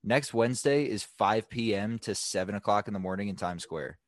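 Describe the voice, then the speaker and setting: A man's voice: on the low side, moderate pace, no room sound. A young man co-hosting a podcast, telling stories in a laid-back, slangy way, worn out from long workdays. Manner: laid-back slangy storytelling, says dude and bro. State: tired and worn out. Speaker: podcast co-host. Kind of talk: casual chat.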